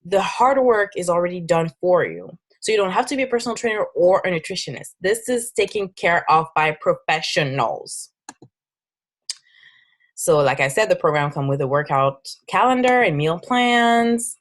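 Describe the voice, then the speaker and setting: A woman's voice: lowish voice, expressive, normal speed. Upbeat woman with a French accent. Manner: upbeat, persuasive, with frequent restarts. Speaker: fitness business coach. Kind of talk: casual recruiting presentation.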